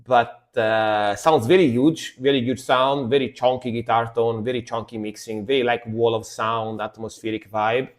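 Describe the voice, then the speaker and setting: Man, casual streamer commentary, metal reactions, mid pitch, scats along to riffs. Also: steady tone, normal speed, few pauses. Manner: chatty, scats along to the music.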